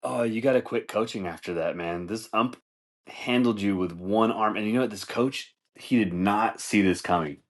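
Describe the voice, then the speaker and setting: A man's voice: on the low side, normal speed. A man hosting a podcast, telling fight stories in a casual, profane, rambling way with frequent laughter. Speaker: podcast host. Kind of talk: casual comedic commentary.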